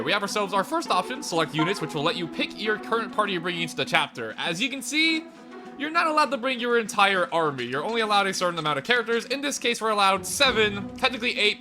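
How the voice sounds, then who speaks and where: A young man hosting a let's play, giving chatty, self-deprecating gameplay commentary. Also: high-pitched. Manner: chatty, self-deprecating, laughs at his own slips. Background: game music.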